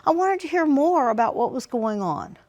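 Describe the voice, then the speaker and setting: A woman's voice: sits high, big pitch swings, normal speed, a little mellow. Woman relationship expert, storytelling. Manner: acts out both sides of dialogues when telling stories. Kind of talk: conversational interview.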